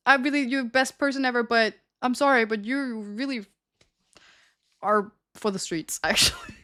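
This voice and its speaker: A woman's voice: on the high side, normal speed, sharp tone. A young adult woman streams and tells her chat a story in a loose, casual way. She giggles often and keeps up a chatty, confiding flow.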